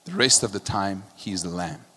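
A male pastor preaching a passionate sermon, his voice swinging from quiet and low to loud, often checking in with "right?". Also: a little fast, breathy edge. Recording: long hall reverb.

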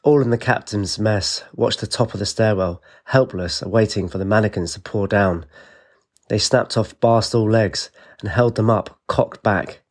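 A man, narrating an audiobook with steady storytelling. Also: lowish voice, unhurried.

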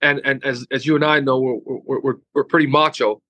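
A man's voice: mid-range voice, level tone, fairly quick, sharp tone, dry recording. A man who is a firefighter hosts a podcast interview and asks probing questions, often restarting and repeating words.

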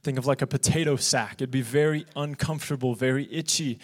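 Young man as youth pastor, earnest and animated sermon, brings quoted lines to life. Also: mid-range voice, a little fast. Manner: earnest, animated preaching that acts out quoted voices. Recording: podcast of a live church sermon.

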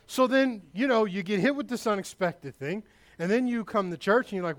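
A male pastor preaching a sermon, emphatic and loud, with asides to the congregation. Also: high-pitched, brisk, hardly any pauses.

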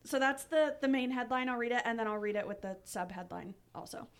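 A woman's voice: a little high, brisk, few pauses, smooth. A woman co-hosting a casual podcast, reading news headlines and asking questions in a matter-of-fact way.

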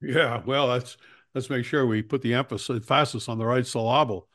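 A man's voice: mid-range voice, steady tone, a little fast, a bit bright. A man hosting a talk show, chatting casually about politics with wry jokes. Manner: wry, joking.

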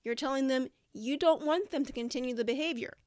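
A woman's voice: high-pitched, a little fast, darkish tone, dry recording, studio quality. A woman giving practical classroom behavior advice in a direct, demonstrating way. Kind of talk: podcast-style teaching talk.

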